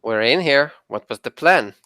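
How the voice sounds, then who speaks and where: A man's voice: mid-range voice, expressive, moderate pace, bright, forceful tone, clean tone, no room sound, poor audio. A man playing a tabletop game, speaking in a wry, teasing way. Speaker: player. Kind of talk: tabletop role-play chat.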